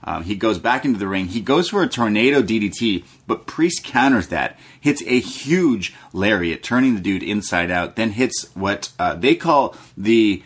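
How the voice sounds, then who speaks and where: He's a young podcast co-host with a lowish, husky, expressive voice, speaking at normal speed with hardly any pauses. His wrestling recap is casual and full of jokes, swearing, and mimicry of people.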